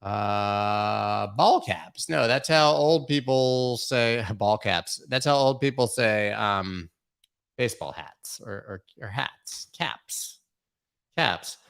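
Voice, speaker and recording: A man's voice: on the low side, takes it slowly, creaky, fairly bright tone, clear, resonant tone. A young man hosting a live stream, chatting casually, reading out viewer questions and joking around with them. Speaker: host of a live crypto charting stream.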